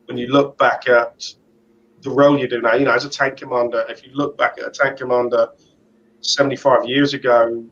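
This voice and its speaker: A man's voice: medium pitch, level tone, brisk, a bit bright, muffled recording. A man who serves as a tank commander, chatting casually and with self-deprecating humour as he rides. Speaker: tank commander and motorcycle vlogger. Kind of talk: casual chat while riding.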